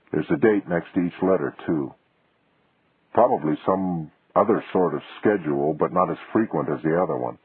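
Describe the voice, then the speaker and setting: A man reading an audiobook, voicing a weary, cautious male writer who reasons things out in a measured, husky voice. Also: sits low, no room sound, phone-quality sound, exaggerated voice. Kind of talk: audiobook dialogue.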